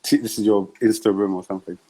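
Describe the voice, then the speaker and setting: A man's voice: lowish voice, steady tone, fast talker, mellow, husky. A man hosting a live-streamed interview show, talking in an upbeat, chatty way with slang. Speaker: host.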